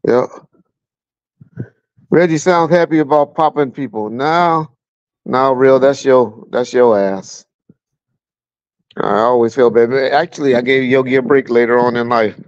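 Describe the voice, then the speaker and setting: A man's voice: medium pitch, steady tone, a little slow, pauses often, smooth, no room sound, lo-fi sound. A middle-aged man from Southern California, a guest telling blunt, profane stories about his police years in a casual livestream chat, chuckling as he goes. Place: at home with a fan running.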